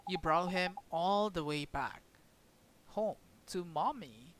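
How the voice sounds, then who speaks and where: A woman's voice: lowish voice, expressive, slow, background noise. An actress voicing a fussy, motherly woman who dotes on her cat in a sing-song way. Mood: doting.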